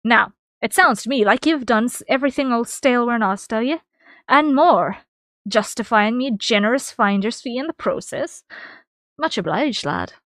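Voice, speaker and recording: Hearty, teasing tavern keeper with an Irish lilt, loud and booming, a woman putting him on for a game read-along, dry close sound. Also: animated, normal speed, no echo. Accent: Irish-style lilt. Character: jovial roguish middle-aged male tavern keeper. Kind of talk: reading game dialogue aloud.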